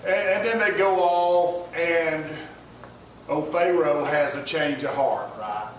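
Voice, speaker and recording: Slow and a little high-voiced, a man gives an informal sermon, telling a story folksily with lots of restarts and side remarks to the audience. The mic sits far away in a very echoey room, picking up some hiss or hum.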